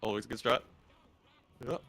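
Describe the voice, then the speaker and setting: A man's voice: moderate pace, pushed and bright. A man playing against the streamer, answering in short, laid-back, teasing remarks. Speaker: opponent player in the match. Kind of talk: casual chat during a game.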